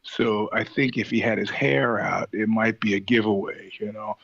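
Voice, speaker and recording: A man with a fairly low voice tells stories as a podcast guest, lively and profane, often breaking into laughter. The sound is dry and a little dull, like a modest remote recording. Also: moderate pace, creaky, no echo. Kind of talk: casual storytelling interview.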